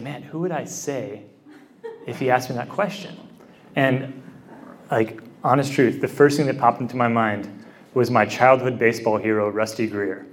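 Chatty man giving a joking talk. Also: a little high. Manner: chatty, joking, laughs at his own stories. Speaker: speaker giving a teaching talk. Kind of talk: casual storytelling then teaching.

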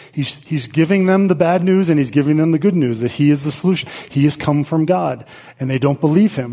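Male pastor, husky tone, earnest sermon delivery with scripture reading. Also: fairly high pitch, mellow. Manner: earnest preaching, reads scripture aloud with repeats and restarts.

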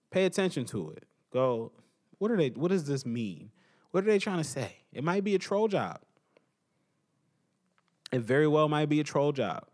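A young man hosting a podcast, giving an animated casual opinion monologue and repeating his points for emphasis. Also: mid-range voice. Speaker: podcast host.

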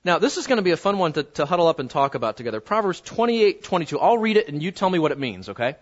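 Guy preaching, chatty and lively, kinda higher voice, muffled lo-fi sound. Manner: conversational, animated, slows down for emphasis. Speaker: pastor. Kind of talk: sermon. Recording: dull lo-fi sound.

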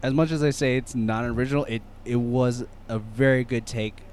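A man's voice: medium pitch, steady tone, fairly quick, a little mellow, clean tone. A man co-hosting a podcast, talking casually and rambling with lots of fillers. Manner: rambling, filler-heavy, self-correcting. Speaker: podcast co-host. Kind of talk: casual chat.

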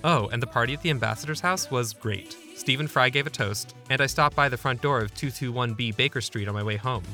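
A man's voice: medium pitch, fairly quick, sharp tone, soft background music. A young man narrating his own memoir in a wry, self-deprecating, conversational way. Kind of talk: memoir storytelling.

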